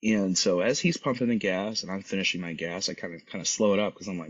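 A male podcast host telling a story in a casual monologue, animated, often tagging his lines with "right?" and acting out the people he quotes. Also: low voice, fast, few pauses, slightly rough, muffled recording.

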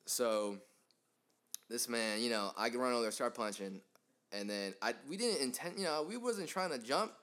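A man in his twenties telling a rambling, animated story in casual podcast chat, full of fillers. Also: medium pitch, moderate pace. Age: 20s. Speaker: podcast host.

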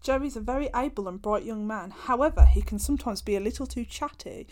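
Reading old school reports aloud with a friend, this young podcast co-host giggles, jokes, and reminisces in casual chat. She speaks a little high, a little fast, with a slightly mellow tone.

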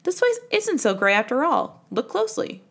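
A woman voicing an eager young boy on an adventure, with excited exclamations in a higher voice. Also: moderate pace, gravelly, heavily acted.

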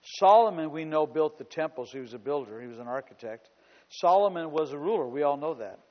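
A male pastor preaching a sermon, shifting from quiet storytelling to loud, emphatic declarations and repeating phrases for emphasis. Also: fairly high pitch, brisk. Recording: dull lo-fi recording with long hall reverb.

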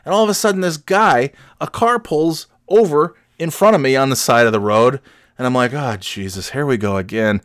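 A man's voice: on the high side, a bit bright, no room sound, studio quality. A middle-aged man hosting a podcast, telling a comic story in a rambling, self-mocking way that drops into mumbles. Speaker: podcast host.

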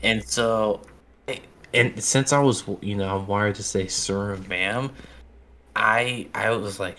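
A man's voice: fairly low pitch, steady tone, slow pace, sharp tone. A young man co-hosting a casual chat podcast, speaking hesitantly with many fillers and restarts. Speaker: podcast co-host.

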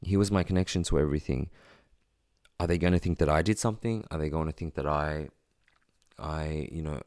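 A man telling a personal story in a quiet, halting, reflective way, with many pauses and fillers. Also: rumbling low, no room sound, clean studio sound.

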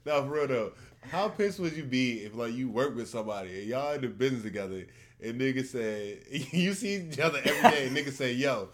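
A man's voice: medium pitch, expressive, fairly quick. A man in casual podcast chat, talking bluntly and profanely with an incredulous edge.

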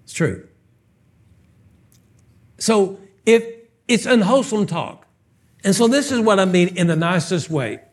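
Brief: male pastor, high-pitched, playful live sermon in a church, punchy questions. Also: measured pace, pauses often, breathy edge. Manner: animated, joking, fires off rhetorical questions. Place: church sanctuary, live service.

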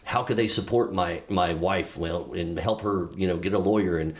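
A middle-aged man, a podcast guest, telling a personal story in a candid, earnest way, halting often with fillers and restarts. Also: low voice.

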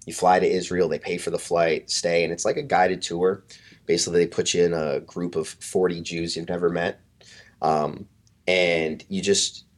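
A man, a fitness coach, casually telling a story as a podcast guest, swearing freely and acting out other people's lines. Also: deep voice. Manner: animated, profane, acts out quotes in hushed voices.

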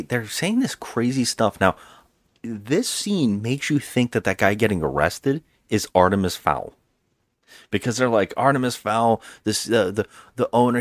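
A man's voice: on the low side, no room sound. Dry-voiced man, rambling podcast chat. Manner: rambling and profane, restarts often. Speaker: podcast host. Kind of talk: casual chat.

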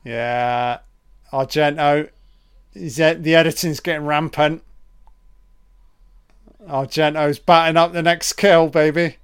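A man with a slightly high, crisp, clear voice talks slowly through a film commentary. He swears freely and reacts with excitement to the scenes.

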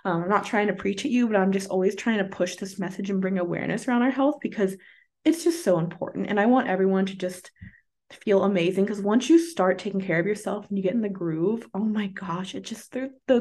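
An earnest woman health coach talks through her solo podcast in a loose, chatty way, leaning on fillers. Her voice sits at an ordinary middle pitch, and her tone stays encouraging throughout. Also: a little mellow. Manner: encouraging, with light laughs. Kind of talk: casual solo podcast talk.

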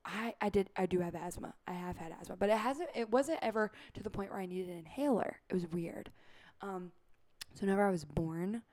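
A young woman co-hosting a podcast in casual chat, with a raspy voice and a loud, animated way of telling stories. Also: mid-range voice, brisk. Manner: loud, animated storytelling with sudden squeals. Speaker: podcast co-host.

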